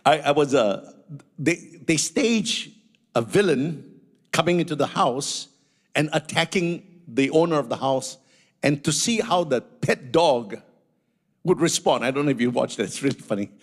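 A male pastor delivering a lively sermon, his voice slightly higher than most men's and roughened by a gravelly edge. He tells stories and peppers his preaching with hallelujahs. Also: a little slow. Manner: animated preaching with frequent hallelujahs and storytelling asides.

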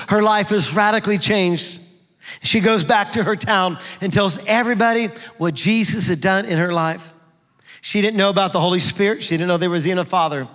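A middle-aged man preaching a fervent sermon in a church, building to shouts. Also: high voice. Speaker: pastor. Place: church sanctuary. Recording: long reverb of a large hall.

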